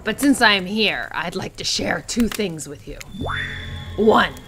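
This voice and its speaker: A woman's voice: medium pitch, animated, unhurried, music in the background. A woman voicing a boastful male killer in a dating game, talking in sarcastic veiled threats. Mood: sly. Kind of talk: reading a dating game aloud.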